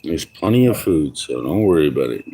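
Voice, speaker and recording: A man's voice: rumbling low, very animated, fairly quick, dark tone, slightly rough. A tipsy man rambling and swearing through a casual livestream outdoors at home, chuckling to himself. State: intoxicated.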